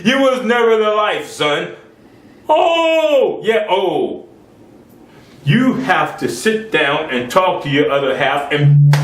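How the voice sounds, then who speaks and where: A man preaching with a high, lively voice that leaps up and drops low as he presses his points, folksy and emphatic. He breaks into loud outbursts, then falls to quiet asides. The sound is roomy and echoey, caught from a mic some distance away. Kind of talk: sermon.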